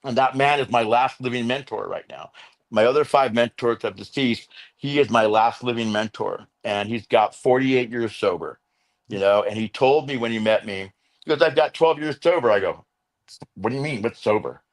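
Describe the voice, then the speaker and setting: A middle-aged man, a veteran and interventionist, telling his recovery story as an interview guest, animated and acting out quotes. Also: mid-range voice, moderate pace. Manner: animated storyteller, acts out quotes, fillers like "you know".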